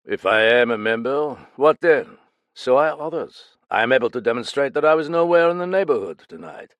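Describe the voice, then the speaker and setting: A man reading an audiobook, voicing an impassive, suave club owner who speaks smoothly and guardedly. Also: medium pitch, animated, normal speed, no echo, lo-fi sound, pitched above the performer's own voice, close to an everyday voice. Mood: urbane.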